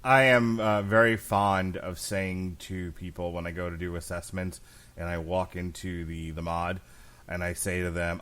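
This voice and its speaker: A man's voice: deep voice, level tone, moderate pace, a bit bright, a little hiss or hum. A man hosting a podcast, reviewing an album in casual chat, blunt and crude, laughing often. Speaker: podcast host.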